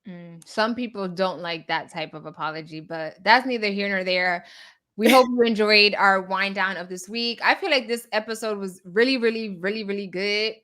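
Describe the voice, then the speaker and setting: Woman podcast co-host, chatty and opinionated, bright tone, easy laugh. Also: medium pitch, normal speed. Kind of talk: casual chat.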